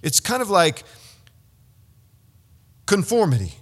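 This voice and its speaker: A man's voice: fairly high pitch, expressive, normal speed, fairly bright tone. Stammering man preaching in a reverberant hall. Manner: storytelling with frequent stammered restarts. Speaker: pastor. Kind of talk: sermon.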